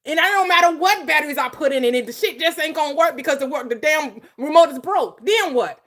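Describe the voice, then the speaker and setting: A woman's voice: sits high, lively intonation, fairly quick. A woman hosting a live stream, arguing passionately, and her voice rises as she talks. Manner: passionate, loud, rising voice. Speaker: host. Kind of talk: heated live-stream debate.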